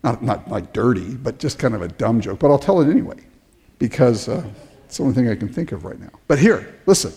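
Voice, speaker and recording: Animated, lively-pitched male preacher. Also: a little fast. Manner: animated preaching with stammered restarts and acted-out quotes. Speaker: pastor. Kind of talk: sermon.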